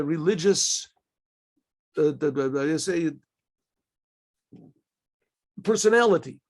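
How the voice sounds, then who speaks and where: A rabbi teaches a Torah class in a high, gravelly voice. He talks haltingly, restarting phrases and clearing his throat often. He poses questions to himself and answers them. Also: darkish tone.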